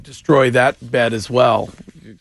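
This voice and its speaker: Gravelly male talk radio host. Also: mid-range voice, steady tone, unhurried. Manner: rambling, restarts, laughs often. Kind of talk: casual radio banter.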